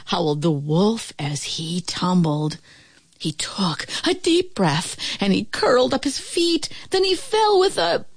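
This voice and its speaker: A woman reading a rhyming picture book aloud in an expressive, playful way. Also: on the low side, a little slow, creaky, breathy edge, no room sound. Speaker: storyteller.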